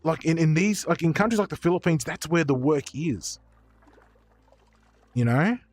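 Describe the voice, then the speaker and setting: This streamer has a voice on the high side, expressive and at normal speed, as he chats casually on his livestream. He rambles and swears freely, full of fillers and restarts, over faint background beats.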